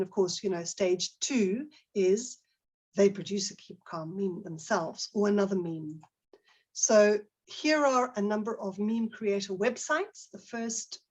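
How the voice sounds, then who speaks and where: A woman's voice: mid-range voice, darkish tone, breathy edge. A middle-aged woman giving an online talk to teachers, conversational and full of fillers and restarts, asking her audience questions.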